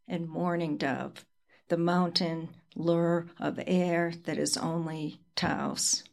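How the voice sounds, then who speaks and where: A woman reading her own poems aloud at a reading, in a slow, measured recitation. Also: lowish voice. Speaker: poet. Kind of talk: poetry reading.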